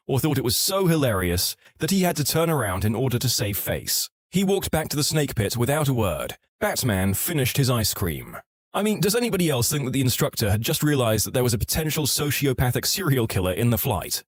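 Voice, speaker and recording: Man reading online stories aloud; wry, lively delivery, mid pitch, dry close sound. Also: brisk, no room sound. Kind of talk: scripted narration of online stories.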